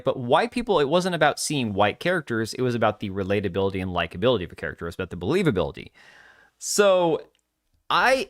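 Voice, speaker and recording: Blunt, animated male livestream host. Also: mid-range voice. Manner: blunt, opinionated, stammering restarts. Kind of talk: casual gaming livestream chat.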